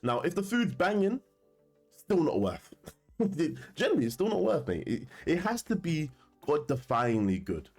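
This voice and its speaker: A man's voice: a little high, sing-song, normal speed, darkish tone, soft background music. A man telling a story to camera in a casual, slangy way, often laughing. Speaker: commentator.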